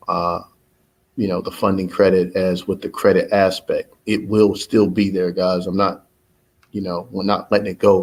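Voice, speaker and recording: Man, very deep voice, monotone, rambling with fillers, motivational business update. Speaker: business owner addressing followers. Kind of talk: casual spoken update.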